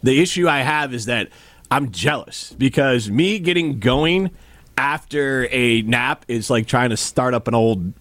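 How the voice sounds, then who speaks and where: A man's voice: medium pitch, a little slow, fairly bright tone, no room sound. A man hosting a sports radio show in a studio, joking with his co-host and reading listener texts aloud. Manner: jokey, teasing, reads listener texts aloud. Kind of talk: casual sports radio banter. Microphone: studio microphone.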